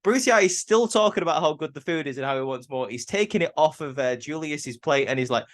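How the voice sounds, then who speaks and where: A man's voice: a little high, animated, a little fast. A man casually recapping a wrestling show, talking loosely with lots of fillers and restarts. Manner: chatty, many fillers and restarts.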